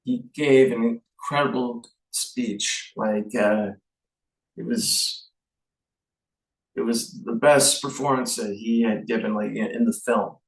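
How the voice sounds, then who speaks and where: A man giving a casual, halting movie review, slow and full of fillers and restarts. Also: mid-range voice, fairly even intonation, far from the mic. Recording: echoey room, off-mic.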